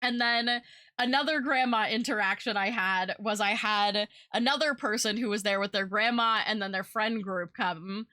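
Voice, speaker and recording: A woman's voice: mid-range voice, normal speed, bright, forceful tone, dry recording, clean studio sound. A young woman streamer and artist chatting casually, rambling with lots of fillers and little laughs. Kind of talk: casual chat.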